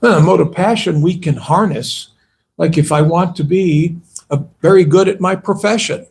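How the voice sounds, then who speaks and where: A man's voice: high-pitched, normal speed, vocal fry, darkish tone. A man, a monk, giving a conversational sermon at a temple and asking his listeners rhetorical questions. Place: temple hall.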